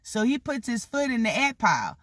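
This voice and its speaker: Animated, cussing storyteller in their thirties. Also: medium pitch, a little fast, no echo, clean studio sound. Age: 30s. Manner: animated, swears freely, acts out the people in the story; heavy use of "like" and "you know" fillers. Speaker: vlogger telling a story. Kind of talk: casual storytime vlog.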